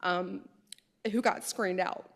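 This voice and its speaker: A woman's voice: on the low side, steady tone, slow, gravelly. Earnest, tearful woman in her late 40s. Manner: earnest, turns tearful and emotional. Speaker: state official. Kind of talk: prepared remarks to a committee. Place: legislative hearing room.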